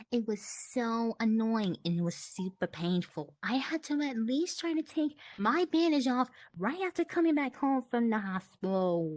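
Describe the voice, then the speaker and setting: A woman's voice: on the high side, no room sound. Rambling young woman, comic monologue. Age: young adult. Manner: rambling, filler-heavy, mock-exasperated, swears casually. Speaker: comedy skit performer. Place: online virtual world session.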